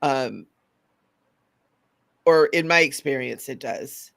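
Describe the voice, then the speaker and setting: Gravelly-voiced mystic woman on a spiritual chat show, super enthusiastic, lots of "you know?". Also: rumbling low, takes it slowly. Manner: enthusiastic and affirming, asks for agreement. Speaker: mystic co-host. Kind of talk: casual spiritual talk show.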